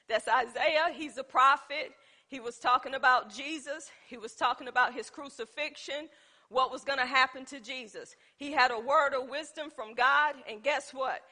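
Her voice sits high with a sharp tone. Teaching the Bible informally, she turns to personal stories as examples and questions the people listening.

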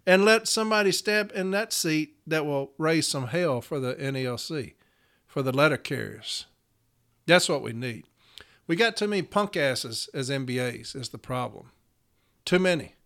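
Podcast host: fired-up man, profane and repetitive, rather high voice. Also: animated, normal speed, fairly bright tone. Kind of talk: angry monologue.

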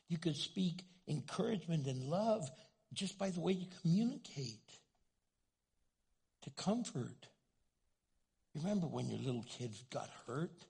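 Gravelly, animated preacher man. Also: fairly high pitch. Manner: animated storytelling preacher, acting out voices. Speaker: pastor. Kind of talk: sermon.

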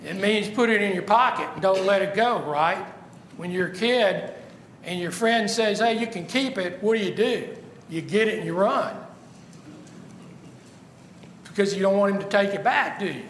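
A man's voice: high voice, moderate pace, long pauses, a bit bright, echoey room, in a large hall, slight background noise. A man preaching a sermon, asking the listeners rhetorical questions and stressing points emphatically.

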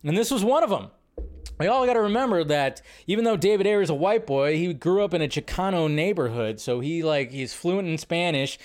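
A man hosting a live film news stream, chatting casually and rambling, often jumping from high excited bursts to low mutters. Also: a little fast, hardly any pauses. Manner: rambling, animated, jumps between high and low.

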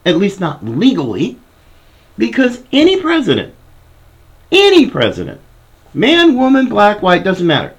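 Animated, high-voiced male political commentator. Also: a little slow, long pauses, slightly rough, lo-fi sound. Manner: indignant, reads article aloud with asides. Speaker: podcast host.

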